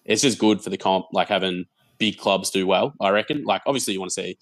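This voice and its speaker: A young Australian man, a podcast guest, chatting casually and telling animated stories, often repeating words as he goes. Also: deep voice, fast, no echo. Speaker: guest, football content creator.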